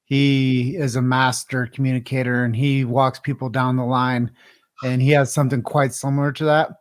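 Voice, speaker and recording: A man's voice: mid-range voice, level tone, moderate pace. Agreeable male podcast host. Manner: conversational, agreeable, some fillers. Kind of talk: casual interview chat.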